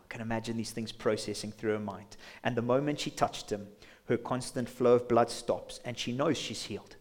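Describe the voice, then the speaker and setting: Man preaching, pastor, impassioned, mid-pitched voice, church sermon. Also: steady tone, normal speed. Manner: impassioned, acts out imagined inner voices.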